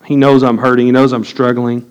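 A man's voice: mid-range voice, level tone, fairly quick, clear, resonant tone, muffled recording. A middle-aged man preaching a sermon, telling a candid personal story that builds to impassioned preaching. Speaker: pastor.

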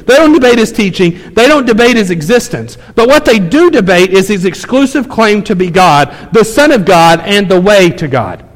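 A man's voice: high voice, expressive, moderate pace, hardly any pauses. A male pastor preaching a sermon in a church, emphatic and conversational, telling stories to his congregation. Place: church sanctuary. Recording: long church hall reverb.

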